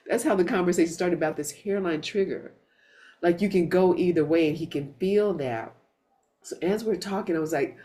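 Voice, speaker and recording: Woman, satsang host, lower voice, loose, animated chat style with restarts. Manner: animated storytelling, swears, many restarts. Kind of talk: casual spiritual chat.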